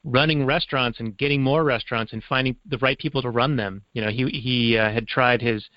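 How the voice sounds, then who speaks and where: A man's voice: mid-range voice, steady tone, brisk, no echo. Male co-host, wry explainer, dry and slightly muffled recording. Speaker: podcast co-host. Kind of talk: casual movie discussion. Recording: dry, slightly dull lo-fi sound.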